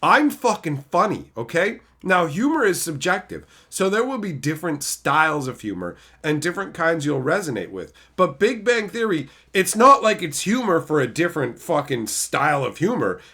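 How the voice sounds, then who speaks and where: A man's voice: fairly high pitch, sing-song, normal speed, few pauses, sharp tone, husky. A man streaming casually, reading chat aloud and ranting with a lot of profanity.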